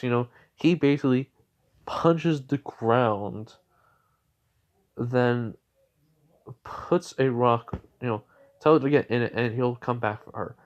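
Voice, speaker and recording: A man's voice: medium pitch, dull audio. A man casually retelling a made-up fan story, rambling with lots of filler. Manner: rambling, heavy with fillers and restarts.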